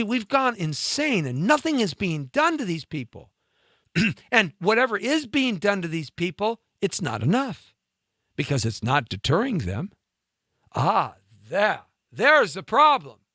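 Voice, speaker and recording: A man's voice: high voice, pushed and bright, no room sound, studio quality. A man hosting a talk show, ranting in an indignant monologue full of rhetorical questions, his throat congested.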